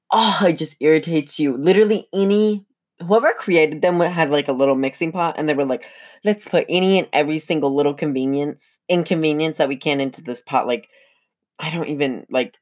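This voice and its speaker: Low-voiced young woman rambling jokily. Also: darkish tone. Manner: rambling, jokey, self-mocking. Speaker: podcast host. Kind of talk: casual solo podcast chat.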